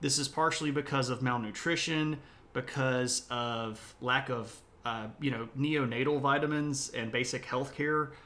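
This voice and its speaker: A man's voice: mid-range voice, steady tone, unhurried, sharp tone. A middle-aged man from South Mississippi, hosting a casual history livestream in a chatty, opinionated, rambling way. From United States (South Mississippi). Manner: chatty, self-described opinionated, rambling asides.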